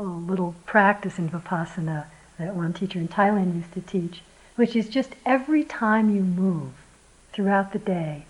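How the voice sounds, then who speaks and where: A woman teaching meditation at a retreat, giving a gentle, reflective dharma talk and sometimes acting out voices as she tells a story. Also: medium pitch, low-quality recording.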